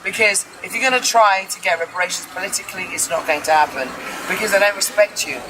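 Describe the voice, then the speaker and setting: A woman's voice: medium pitch, fast talker. A woman being interviewed outdoors, speaking emphatically and piling up repeated phrases. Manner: emphatic, repetitive lists. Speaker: interviewee, movement founder. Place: outdoors, urban street with traffic. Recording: outdoor street noise.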